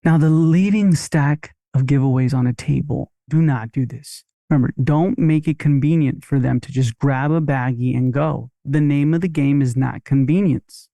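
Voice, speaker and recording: A man's voice: mid-range voice, moderate pace, vocal fry, few pauses, mellow, dry recording. A man teaching dental marketing on a podcast, in a punchy, upbeat coaching manner.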